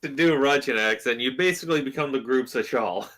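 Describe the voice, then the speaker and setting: A man chatting playfully as a tabletop game player. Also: medium pitch. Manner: playful, slow, lively. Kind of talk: casual tabletop chat.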